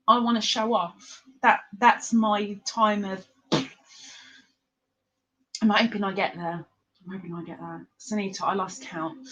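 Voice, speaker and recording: This crochet livestream host is an Englishwoman whose accent is English but not London, chatting casually with viewers by name as she goes through the chat and laughs often. Her medium-pitched voice keeps fairly even intonation at a moderate pace.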